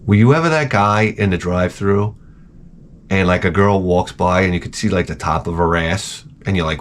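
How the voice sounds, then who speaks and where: A man's voice: deep voice, moderate pace, slight background noise. A man hosting a show, rambling through crude comedic chat and trailing off into mumbled asides. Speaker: show host.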